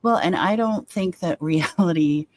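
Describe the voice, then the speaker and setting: Low, dry-voiced teasing woman. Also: a little slow, a little mellow, no echo. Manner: wry, teasing, giggly. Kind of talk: casual chat.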